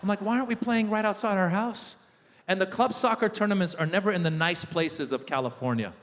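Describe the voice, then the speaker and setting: A middle-aged man performing a stand-up comedy set, telling animated stories and shouting in character voices. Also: high-pitched, fairly quick. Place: large live venue. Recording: live hall with long reverb.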